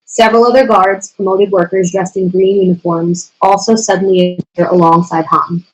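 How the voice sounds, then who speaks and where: A woman's voice: mid-range voice, steady tone, moderate pace, a little mellow, poor audio. A woman steadily reading the stage directions aloud at a screenplay table reading.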